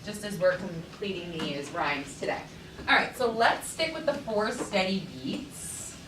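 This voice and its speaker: A woman's voice: mid-range voice, measured pace. Woman teaching rhythm in an echoey classroom. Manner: energetic, rhythmic chanting of beats. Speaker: teaching artist. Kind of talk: classroom lesson. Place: school classroom. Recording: echoey classroom, far from the mic, noisy.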